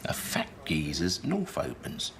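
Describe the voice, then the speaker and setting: A man narrating a crime film in a dry, deadpan, matter-of-fact way. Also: low voice, measured pace, creaky, in a whisper, full character voice. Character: dry male narrator telling a gangster tale.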